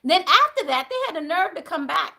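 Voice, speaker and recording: A woman hosting a live stream as a spiritual reader, telling a story as a casual rant. She is emphatic and swears freely, swinging between loud outbursts and low asides. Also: very animated, fairly quick, vocal fry.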